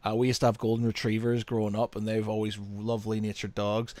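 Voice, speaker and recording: A man's voice: lowish voice, monotone, quick pace, a little mellow, dry recording. A man co-hosting a podcast, talking casually and enthusiastically and laughing easily. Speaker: podcast co-host. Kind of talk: casual chat. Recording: dry close-miked sound.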